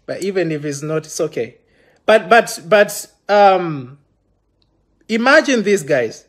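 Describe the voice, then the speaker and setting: This London livestreamer has a notably high, slightly bright voice and rants at his viewers in an animated, unhurried way. He comes across as accusing and fired up, repeatedly stumbling and beginning his phrases over.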